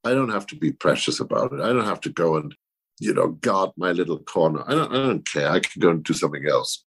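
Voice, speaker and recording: A man speaking as a guest composer in an interview, halting and self-effacing, with many restarts and repeated words. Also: low-pitched, animated, creaky, a bit bright, breathy edge. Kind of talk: conversational interview.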